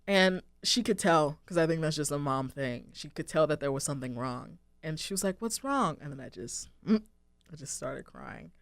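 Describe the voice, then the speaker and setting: A woman's voice: low voice, normal speed, creaky, no echo. Young woman host, reflective solo talk, earnest and rambling, dry close mic. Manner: earnest, rambling, heavy use of "like" and "um". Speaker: radio show host. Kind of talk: reflective casual monologue.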